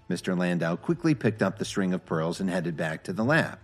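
A man narrating a story in a steady, expressive reading. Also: low voice, brisk, soft background music.

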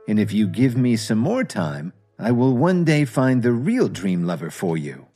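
A man voicing a calm, quietly confident husband who speaks evenly. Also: medium pitch, soft background music. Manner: calm, measured.

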